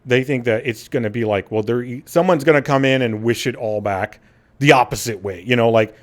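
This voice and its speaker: A man's voice: medium pitch, a little fast. A man hosting a gaming podcast in casual chat. He laughs often and acts out quotes in silly voices. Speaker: podcast host.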